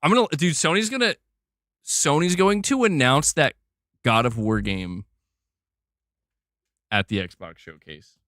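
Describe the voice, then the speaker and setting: Lively joking man streaming live. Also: a little high, unhurried, pauses often, no echo, clean studio sound. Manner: loose, profane, joking. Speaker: livestream host. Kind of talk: casual livestream chat.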